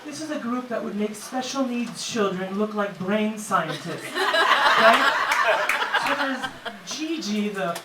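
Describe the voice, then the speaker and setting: In a mid-range voice with lively intonation, a woman takes her time delivering a brash, mocking comedy set on a club stage. The slow pace doesn't dull her punchy style. The recording is far away, echoey and noisy, with laughter from the audience.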